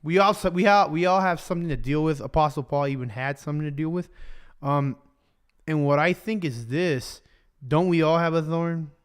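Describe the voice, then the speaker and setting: A young man preaches casually on a livestream, switching between English and Spanish and joking as he goes. He's chatty and loose with fillers, speaking at normal speed in a smooth, high-leaning voice.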